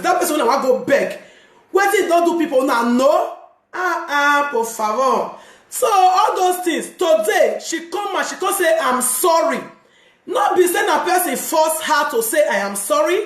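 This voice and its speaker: A woman's voice: sits high, echoey room. A woman with a Nigerian Pidgin accent, a mother of three, talking to her viewers about forgiveness and often asking "you understand?". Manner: animated, repeats "you understand?", laughs often. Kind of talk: casual talk to camera on forgiveness.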